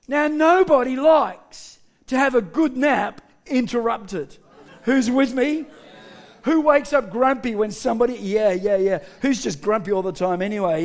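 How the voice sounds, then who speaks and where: Middle-aged male pastor, slow animated sermon, gravelly texture, punches lines with shouts. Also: very high voice. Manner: animated, joking, shouted emphasis.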